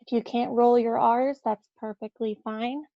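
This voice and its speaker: A woman teaching the Spanish alphabet, saying each word slowly and repeating it for learners. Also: a little high, fairly even intonation, gravelly, dry recording. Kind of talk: slow alphabet pronunciation lesson. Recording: dull lo-fi dry audio.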